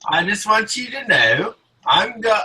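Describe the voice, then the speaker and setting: A man's voice: high voice, sing-song, unhurried, noisy background. A man from the United States chatting playfully on a live stream, joking with his co-host. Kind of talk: casual chat.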